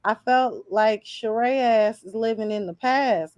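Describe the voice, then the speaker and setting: A woman's voice: fairly high pitch, measured pace, darkish tone, dry recording, highs cut off. A woman co-hosting a casual recap chat, blunt and sassy, full of slang. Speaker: podcast co-host.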